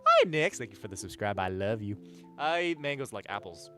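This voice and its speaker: Over faint background music, a young male livestreamer talks fairly quickly, reading viewer messages aloud. His bright, slightly sharp voice swings widely in pitch as he swears freely and rambles animatedly from topic to topic.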